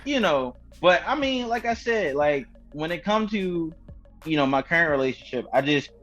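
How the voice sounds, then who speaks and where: A man's voice: on the high side, expressive, moderate pace, a bit bright, muffled recording, soft background music. A young man co-hosting a podcast, chiming in with laid-back, slangy agreement and his own take. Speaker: podcast co-host. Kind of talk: casual chat.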